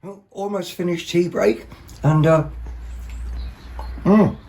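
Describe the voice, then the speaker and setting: A male vlog host chats casually about second-hand finds, rambling excitedly with lots of ums and self-corrections. His voice sits high and he speaks slowly.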